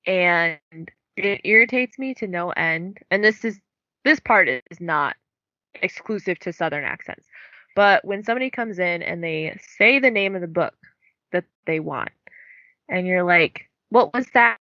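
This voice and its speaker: A woman's voice: on the low side, lively intonation, a little slow, bright, forceful tone, dry recording, dull audio. A young woman co-hosting a book podcast, chatting casually and filling her talk with "like". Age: young adult. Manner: chatty, many "like" fillers. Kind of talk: casual chat.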